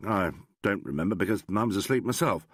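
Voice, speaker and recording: A man's voice: fairly low pitch, fast talker, no echo, studio quality, natural voice. A man doing a blustering, peevish traveller. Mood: chatty. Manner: brusque, dismissive. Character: blustering peevish middle-aged male traveller.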